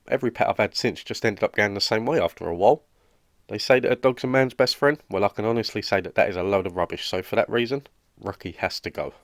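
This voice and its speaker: A man's voice: lowish voice, no room sound, studio quality, lightly acted. A man voicing a lonely, awkward young roommate in a cartoon, speaking with a British accent in an earnest, rambling way. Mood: glum. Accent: British English. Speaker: cartoon character. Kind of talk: animated comedy dialogue.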